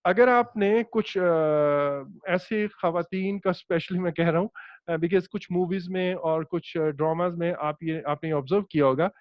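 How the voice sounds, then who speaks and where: High-voiced Pakistani English teacher. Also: male voice, very fast, no room sound. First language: Urdu. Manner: hesitant, many fillers, stresses words. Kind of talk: online one-to-one lesson. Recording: dull, dry lo-fi call audio.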